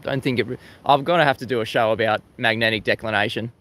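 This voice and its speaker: An Australian man talks through a casual live broadcast in an easy, conversational voice at a mid pitch. He laughs often and doubles back on his words as he goes. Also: fairly even intonation, quick pace, a bit bright. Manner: chatty, laughs often, repeats words as he restarts. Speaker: livestream host. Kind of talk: casual live-stream talk, reading chat. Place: outdoors facing the sea at sunrise.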